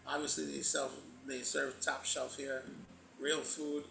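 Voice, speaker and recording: Gravelly player guy, jumpy pitch, joking around, roomy echo on his mic. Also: flat delivery, measured pace, sharp tone, soft background music. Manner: joking, swears. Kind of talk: casual tabletop play.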